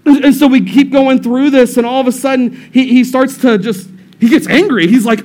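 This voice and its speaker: A male lead pastor preaching a casual, storytelling sermon in a church, animated and joking, often repeating his phrases. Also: extremely high pitch, moderate pace, few pauses. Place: church service room.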